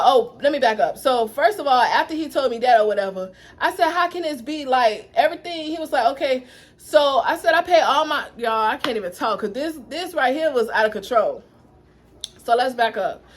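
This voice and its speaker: Young woman doing a storytime vlog, kinda high voice, super animated and dramatic. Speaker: vlogger.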